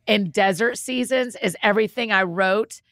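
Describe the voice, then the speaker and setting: A woman hosting a podcast, talking in an animated, encouraging way and using faith language in casual chat. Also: mid-range voice, moderate pace. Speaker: podcast host.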